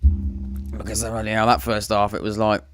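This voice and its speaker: Over soft background music, a man with a lowish, monotone voice speaks at a moderate pace. As a podcast host commentating a live football watchalong, he chats casually and rambles. He interrupts himself often and adds dry, sarcastic remarks.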